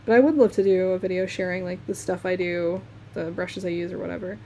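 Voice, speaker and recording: Young Midwestern woman, mellow voice, relaxed live-stream chat while sketching, faint room hum. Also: fairly low pitch, fairly quick. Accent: Midwestern American. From Michigan, USA. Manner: chatty, laughs often, talks while working.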